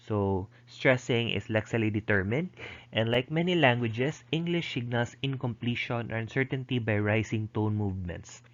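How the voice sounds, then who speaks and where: Lower-voiced male lecturer, lo-fi recording. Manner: explains slowly with frequent fillers and restarts, models sounds aloud.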